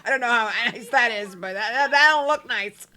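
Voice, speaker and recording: A woman's voice: a little high, brisk, sharp tone. A woman hosting a let's play, chatting casually and laughing as she comments on her game.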